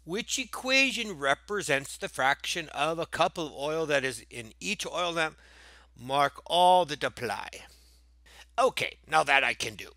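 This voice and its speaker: A man walks through fraction word problems in a playful review lesson, cracking jokes and tossing in silly voices between the steps. His voice is bright and a little high for a man, and the sound is close and dry with no room echo. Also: animated, a little slow. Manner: goofy, jokey, breaks into silly voices and asides. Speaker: math teacher.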